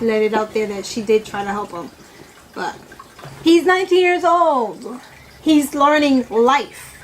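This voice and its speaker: A woman's voice: fairly high pitch, low-quality recording. A woman vlogger chatting casually about her opinions while eating, rambling and correcting herself as she goes. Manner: rambling, with many "you know" fillers and self-corrections.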